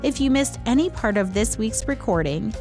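A woman hosting a Christian devotional program, reading scripture and speaking in a measured, earnest way. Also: a little high, expressive, faint music behind. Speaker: radio program host.

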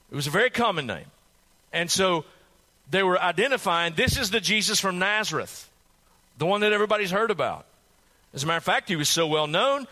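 A man's voice: on the high side, bright, forceful tone. A male pastor preaching a sermon, retelling a story dramatically and putting rhetorical questions to his listeners.

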